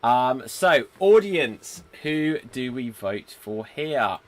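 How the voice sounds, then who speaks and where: Speaking slowly and expressively in a mid-range voice, this man hosts a live improv show online. His manner stays easygoing while he reads viewer comments aloud and sets up scenes.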